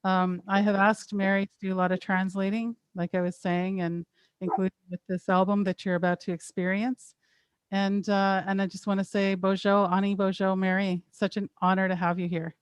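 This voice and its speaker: A woman's voice: medium pitch, flat delivery, normal speed, clean tone, no echo. A woman host introducing her guest in a casual, grateful way, with frequent fillers.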